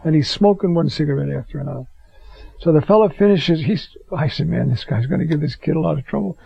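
A man's voice: on the high side, fast, creaky, breathy edge, no room sound. Older guy teaching a bible class, folksy, keeps saying "you see", dull lo-fi sound. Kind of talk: informal scripture lesson with personal stories. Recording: dull lo-fi dry recording.

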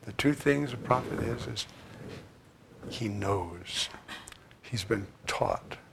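A man preaching a sermon, swinging from loud, emphatic lines to hushed asides. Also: lowish voice, slow pace, creaky, background noise.

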